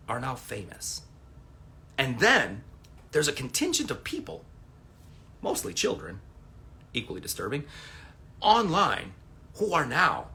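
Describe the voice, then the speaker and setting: Animated, profane man chatting on a livestream. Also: on the high side. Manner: rambling, profane, animated storytelling. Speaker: livestream host. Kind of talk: casual livestream monologue.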